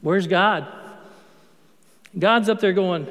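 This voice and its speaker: A priest giving a sermon in an emphatic, conversational way, repeating words for effect. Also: male voice, high voice, normal speed. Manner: conversational preaching, emphatic repetition. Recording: long hall reverb.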